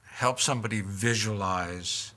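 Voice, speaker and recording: A man giving measured, hesitant interview commentary with filler pauses. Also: lowish voice, sharp tone.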